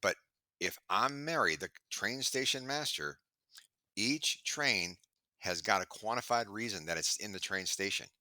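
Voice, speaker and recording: A middle-aged man on a video call chatting in an interview, telling stories with lively acted-out quotes. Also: lowish voice, unhurried, dry recording. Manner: animated storyteller, acts out quoted voices. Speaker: sales trainer and podcast guest. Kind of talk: casual interview chat.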